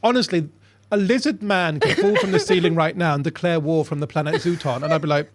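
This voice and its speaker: A man's voice: fairly high pitch, fairly quick. A man, a comedian, telling funny stories in a casual chat and jumping into voices for the punchlines. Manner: animated, jumps into voices for punchlines. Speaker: comedian guest. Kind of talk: casual chat, comic storytelling.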